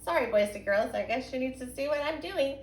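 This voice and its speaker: A woman's voice: high voice, animated, a little fast. Young woman teacher, patient sing-song phonics voice, roomy echo, faint hum, stretches out sounds for little kids. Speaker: kindergarten and first grade teacher. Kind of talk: recorded phonics reading lesson for young children. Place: home, indoors. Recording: echoey room with faint background hum.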